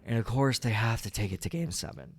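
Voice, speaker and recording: A man streaming a game, talking casually and ranting with lots of swearing, dropping to low mutters and rising to loud outbursts. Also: lively intonation, a little fast, husky. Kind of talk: casual gaming stream chat.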